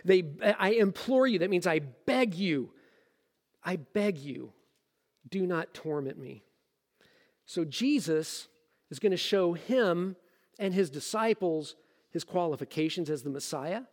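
A high-voiced pastor preaches a lively sermon and mixes casual jokes into his explanation of scripture. His voice carries a long reverb, like in a large hall. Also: slow, long pauses.

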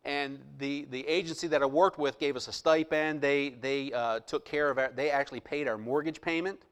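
A middle-aged man, a pastor, telling a personal story in a sermon, quoting others and dropping into a hushed voice for inner thoughts. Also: on the high side, normal speed, clear, resonant tone. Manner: animated storyteller, drops to hushed voice for quoted lines.

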